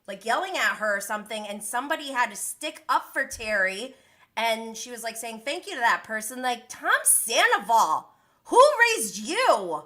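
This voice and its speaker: A woman in her thirties with a bright, sharp voice, ranting through a reality show recap on her live stream. She swings between disbelief and exasperation and slips into quick impressions of the cast as she goes. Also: a little high. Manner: animated, exasperated, mimics the cast. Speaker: reality TV commentator.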